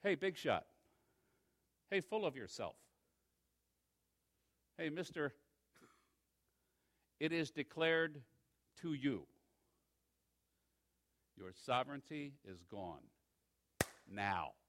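A preacher doing a stern voice from heaven. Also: male voice, medium pitch, lively intonation, extremely slow, pauses often, fairly bright tone, pitched below the performer's own voice. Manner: blunt, commanding pronouncements. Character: stern divine voice from heaven, judging.

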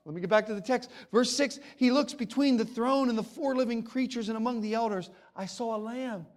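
A middle-aged man preaching a sermon, swinging from loud exclamations to low, hushed passages. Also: fairly quick. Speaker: pastor.

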